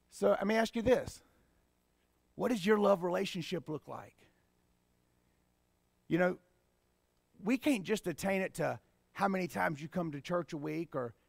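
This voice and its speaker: High-voiced man preaching with passion. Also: gravelly, dry recording. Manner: impassioned preaching, swings between hushed and emphatic. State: choked up with emotion. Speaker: pastor. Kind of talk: sermon.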